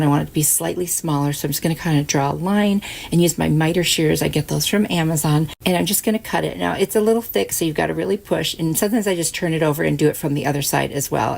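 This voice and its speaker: A woman's voice: deep voice, gravelly, a little mellow, breathy edge. A woman hosting a craft channel, chatting through each step of a project in a casual, upbeat way. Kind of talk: casual craft tutorial narration.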